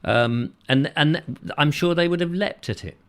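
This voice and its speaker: A man's voice: moderate pace, a bit bright, clear, resonant tone. Jokey rambling male host. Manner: rambling, jokey, with pitch jumps. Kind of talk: casual comedic chat.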